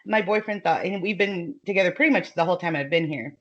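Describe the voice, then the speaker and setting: A woman's voice: fairly low pitch, fast, highs cut off. A woman with a Southern American accent chatting casually as a podcast guest, laughing often and using many fillers. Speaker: guest author.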